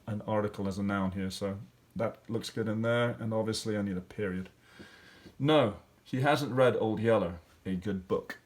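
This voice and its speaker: A male teacher walking through grammar and spelling exercises step by step, thinking aloud with fillers. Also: fairly low pitch. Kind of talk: classroom lesson walkthrough.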